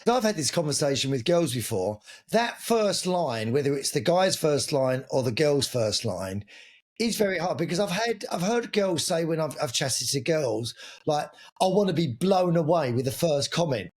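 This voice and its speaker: A man leads a casual group talk. His voice sits slightly high. He asks questions in a chatty way and sounds a little incredulous. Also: very animated, normal speed.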